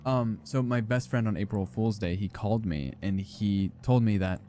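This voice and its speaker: Young guy streaming, jokey and rambling, swears a lot, dark mellow voice. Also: lowish voice, moderate pace, soft background music. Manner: rambling, joking, swears, lots of fillers. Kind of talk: casual gameplay commentary.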